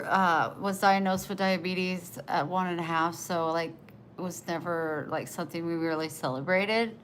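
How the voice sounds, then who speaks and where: A woman with an American country twang chats casually on a live stream, reading chat comments aloud. She is soft-spoken, short of breath, and drifts into near-whispers. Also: fairly low pitch, a little hiss or hum.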